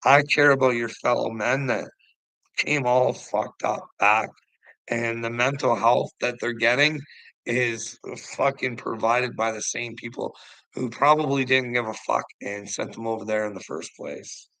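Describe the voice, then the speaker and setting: Middle-aged male streamer, gravelly and forceful, profane, heated, laughs a lot. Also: medium pitch, fairly even intonation, measured pace, dry recording, rough recording. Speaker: livestream host talking to chat. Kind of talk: casual livestream rant.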